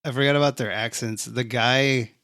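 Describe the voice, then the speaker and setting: Relaxed young guy cohost, casual chat, dry close mic, swears a lot. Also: mid-range voice, moderate pace, no room sound. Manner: laid-back, swears casually. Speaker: podcast co-host.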